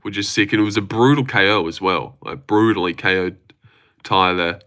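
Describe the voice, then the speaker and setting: A man's voice: deep voice, moderate pace, pushed and bright. A man chatting casually on a livestream, rambling, swearing freely and reading out chat messages. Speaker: livestream host.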